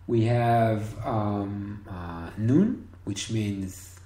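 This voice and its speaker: A man teaching Hebrew one-on-one over a video call, patient and encouraging, repeating words slowly. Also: on the low side, mellow. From Israel. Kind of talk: one-on-one online language lesson. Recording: roomy video call audio.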